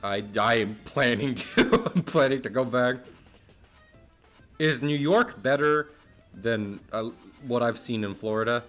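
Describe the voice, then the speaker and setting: A man's voice: mid-range voice, measured pace, a bit bright, soft background music. Rambling, laughing man from New Jersey. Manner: rambling, laughs often, swears casually. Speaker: streamer. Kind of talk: casual livestream chat.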